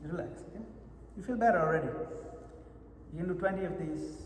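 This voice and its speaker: A man's voice: high-pitched, fast talker, slight background noise. A man leading a meditation retreat session, coaching his listeners and often checking that they follow. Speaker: japa retreat teacher. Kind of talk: meditation workshop instruction. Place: retreat hall. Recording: echoey hall with long reverb.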